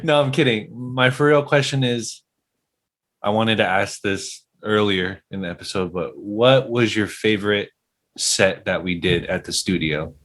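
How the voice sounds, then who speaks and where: A young man co-hosting a casual podcast, asking quick questions in a playful, teasing way. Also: fairly low pitch, steady tone, fairly bright tone. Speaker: podcast co-host.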